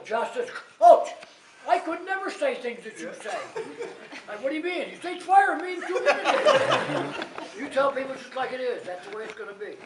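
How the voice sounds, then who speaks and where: An older man, a retiring school coach, telling blunt, chuckling stories at a gathering. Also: high voice. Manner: blunt, chuckling, rambling anecdotes. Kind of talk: casual storytelling at a gathering. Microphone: far from the mic. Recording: echoey, distant, noisy hall.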